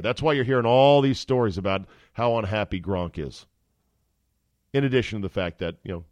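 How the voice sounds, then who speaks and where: A man's voice: fairly low pitch, no room sound. A middle-aged man hosting a sports podcast, delivering an opinionated, jokey monologue. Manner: opinionated, jokey, acts out quotes.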